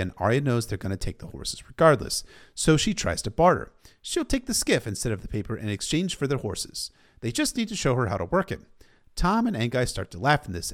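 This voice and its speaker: A man retelling a novel in a casual storytelling style, sometimes stopping for emotional asides. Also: medium pitch. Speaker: book recap narrator.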